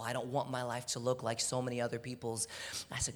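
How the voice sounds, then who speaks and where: A man's voice: mid-range voice, fast. Earnest young man preaching in a hall. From Houston, Texas. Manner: earnest, animated preaching with soft, hushed moments. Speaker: speaker. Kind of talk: sermon. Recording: long hall reverb.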